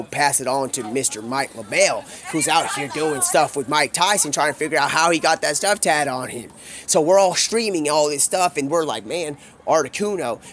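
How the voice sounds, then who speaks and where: A male streamer spins a long improvised tale in loose, slangy speech, jumping between voices for the people he quotes. His voice sits a bit on the high side for a man. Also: fairly bright tone, a little hiss or hum. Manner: rambling, drawling slang, quick voice switches for quoted characters. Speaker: streamer telling a made-up story. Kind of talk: rambling improvised storytelling. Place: home streaming setup.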